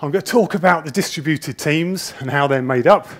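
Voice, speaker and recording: A middle-aged man talks to a conference audience in a hall through a wireless presenter mic. His voice sits a little high for a man. He comes across as a slightly nervous, rambling storyteller who pokes fun at himself. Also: a little fast. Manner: nervous, chatty storyteller with self-deprecating humour. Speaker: conference speaker. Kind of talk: conference talk. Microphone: wireless presenter mic with a body pack.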